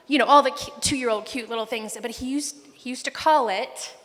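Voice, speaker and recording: A woman's voice: on the high side, brisk, fairly bright tone. A middle-aged woman, mother of the groom, giving an emotional, rambling wedding speech with a family story. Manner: emotional, rambling, fighting back tears. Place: wedding reception hall. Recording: long hall reverb.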